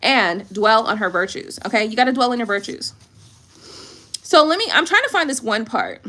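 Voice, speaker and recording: A woman tarot reader in casual chat, reading aloud from a book with chatty, animated asides and frequent laughter. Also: fairly high pitch, normal speed.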